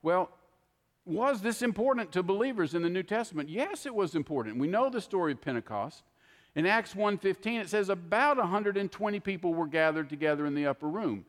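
An older man preaching a sermon, telling folksy stories in an animated, heartfelt way. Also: high voice, a little fast, big-room sound. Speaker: pastor.

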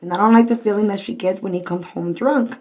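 Woman on a podcast, talks fast and blunt, swears a lot, storytelling. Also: mid-range voice, a little mellow. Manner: blunt, heavy swearing, rapid run-on storytelling. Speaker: podcast guest. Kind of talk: casual storytelling chat.

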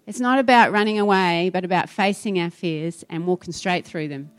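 A woman pastor tells a story to her church, delivering it in a lively, animated style and acting out the quoted lines. Her voice sits on the low side and she speaks at a moderate pace.

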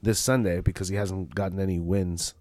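A man's voice: sits low, steady tone, brisk, a little mellow, no room sound. A man co-hosting a casual podcast chat, hesitant with fillers. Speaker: podcast co-host.

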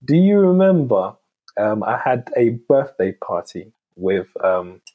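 A man's voice: medium pitch, big pitch swings, measured pace, phone-quality sound. A man in casual chat, starting a story hesitantly and searching for his words.

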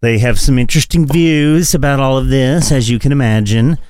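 A mid-pitched man talks in loose, profane political chat on a podcast. He is animated and laughs often. The sound is dry and close. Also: normal speed, clean tone, dry recording. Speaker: podcast co-host.

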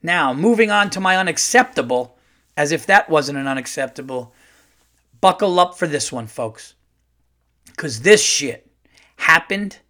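A middle-aged man, a stand-up comedian hosting his own podcast, tells a loose, animated story full of fillers. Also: fairly high pitch, measured pace, long pauses. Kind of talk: casual solo podcast storytelling.

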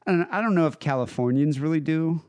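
A man's voice: fairly high pitch, fast, a little mellow, clean tone. An American man co-hosting a podcast, chatting casually and swearing freely in a joking, laid-back way. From United States. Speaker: podcast co-host. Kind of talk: casual profane podcast chat.

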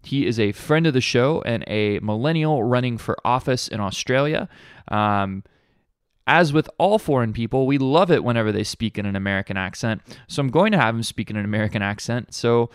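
A man's voice: mid-range voice, a little fast, clean tone, dry recording, studio quality. A man hosting a podcast, talking in a wry, casual way with plenty of fillers. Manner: wry, chatty, lots of fillers. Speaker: podcast host.

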